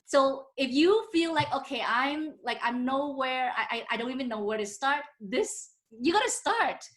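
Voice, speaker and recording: A woman's voice: sits high, lively intonation, normal speed. A woman hosting a casual interview over a video call, speaking earnestly with some restarts. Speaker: host.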